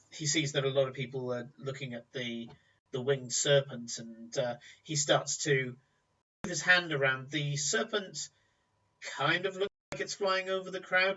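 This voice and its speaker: Bright-voiced male game master, distant. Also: medium pitch. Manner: vivid descriptive storytelling. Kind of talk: narrating a tabletop game. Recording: distant, muffled recording.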